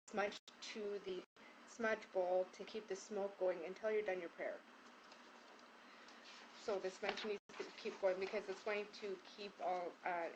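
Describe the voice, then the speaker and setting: A woman's voice: medium pitch, slight background noise, low-quality recording. A woman healer teaching a group how to set up a prayer ceremony, in a casual, rambling way with many fillers and restarts, from a room hung with prayer ties. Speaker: spiritual healer leading a group prayer session. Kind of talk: casual spoken instruction.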